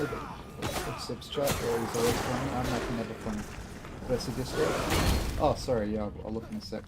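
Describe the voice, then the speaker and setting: A male streamer with a scratchy throat, mid-pitched and rambling as he plays, often laughing at his own mistakes. His voice sits over a steady layer of background noise. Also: fairly quick. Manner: rambling, self-deprecating, talks to himself. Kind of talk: casual gameplay chat to viewers.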